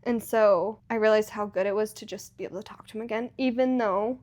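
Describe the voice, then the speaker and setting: A young woman co-hosting a podcast, telling a story in a casual, animated way with lots of fillers. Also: mid-range voice, brisk. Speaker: podcast co-host. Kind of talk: casual chat.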